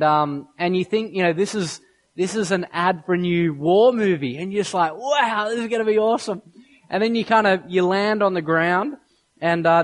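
High-voiced pastor telling stories. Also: male voice. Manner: storytelling, animated, acts out quotes and sound effects. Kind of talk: sermon.

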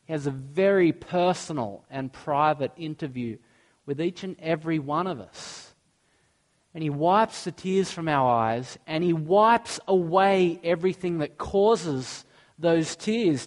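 A man, preaching a sermon earnestly and mixing in personal stories. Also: a little high. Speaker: pastor.

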